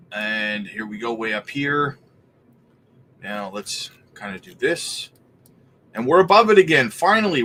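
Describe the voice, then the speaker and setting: A man of ordinary middle pitch hosts a relaxed livestream, talking in a loose, chatty way. He keeps calling out viewers by name and laughs easily between remarks. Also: slight background noise. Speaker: crypto livestream host. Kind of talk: casual livestream chat.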